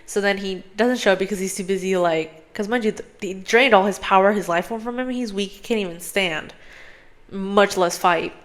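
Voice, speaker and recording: A woman's voice: mid-range voice, moderate pace. A young woman hosting a podcast, casually retelling a film's plot in a rambling way, full of "like" and swearing and acting out the characters. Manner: rambling, heavy on "like", frequent swearing; animated storyteller who acts out characters' lines. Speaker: podcast host.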